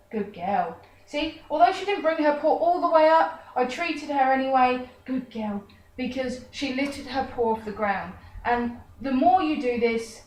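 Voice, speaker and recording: A woman's voice: fairly high pitch, darkish tone, slight background noise. A woman teaching a dog trick in a chatty tutorial, breaking off to coo praise at her dog. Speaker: dog trainer. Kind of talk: casual how-to tutorial. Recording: echoey room, voice far from the mic.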